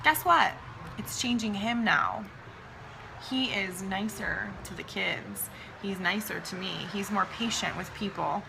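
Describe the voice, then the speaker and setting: A woman's voice: mid-range voice, steady tone, measured pace, gravelly, background noise. A woman giving a chatty, emphatic motivational talk to her followers, often calling them "you guys".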